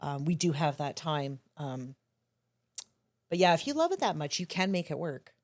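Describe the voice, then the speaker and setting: A woman's voice: low-pitched, big pitch swings, normal speed. A woman, a bakery co-owner, chatting casually and upbeat as a podcast guest. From Canada.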